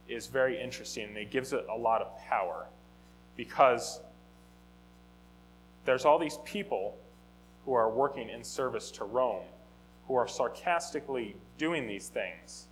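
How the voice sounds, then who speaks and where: A man teaching a Bible lesson in a conversational, animated way, often restarting and correcting himself. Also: medium pitch, unhurried, long pauses, a little hiss or hum, low-quality recording. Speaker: teacher of a Bible study or sermon. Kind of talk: informal teaching talk.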